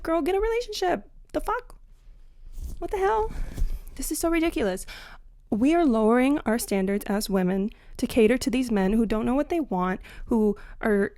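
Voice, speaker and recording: A young woman ranting to camera about dating, blunt and sarcastic, swinging between loud outbursts and muttered asides. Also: fairly high pitch, no room sound, clean studio sound. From Latina. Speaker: comedic commentary host. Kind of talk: scripted comedic rant to camera.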